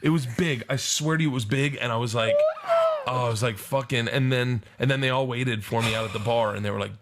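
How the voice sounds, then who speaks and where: A middle-aged man spins a wild comedic tale with cheerful profanity and breaks into laughter mid-story. His pitch sits squarely in the middle for a man. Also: fast talker, very noisy. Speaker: podcast guest.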